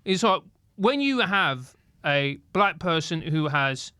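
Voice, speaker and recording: A man's voice: fairly high pitch, very animated, slow pace, sharp tone, clear, resonant tone, no echo. A man with a South London accent, a podcast guest in casual discussion, talking emphatically and repeating himself. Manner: emphatic, repetitive, swears.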